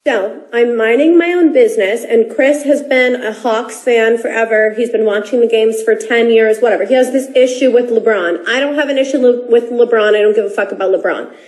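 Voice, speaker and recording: A woman's voice: a little high, fairly quick, hardly any pauses, darkish tone, roomy sound. A woman in her twenties, a courtside fan, delivering a heated, profane selfie rant. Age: 20s.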